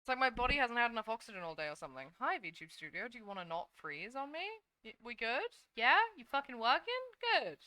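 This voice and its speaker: Bright, clear-voiced chatty woman streamer. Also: a little high, sing-song, fast, few pauses, dry recording. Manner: chatty, sleepy, yawning, swears casually. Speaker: VTuber streamer. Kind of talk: casual live-stream chat while drawing.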